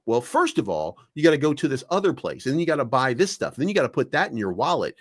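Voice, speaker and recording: A man's voice: mid-range voice, fast talker. A man co-hosting a crypto talk show, ranting casually with profanity and mock quotes. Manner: animated, swearing, rants with mock quotes. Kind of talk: casual chat. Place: online audio room.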